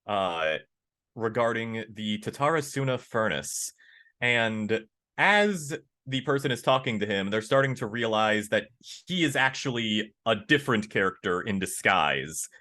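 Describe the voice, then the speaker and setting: A man, a voice actor, chatting casually in an interview, animated and candid, laughing easily. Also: a little slow. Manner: animated, acts out quoted lines with big pitch jumps. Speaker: voice actor guest.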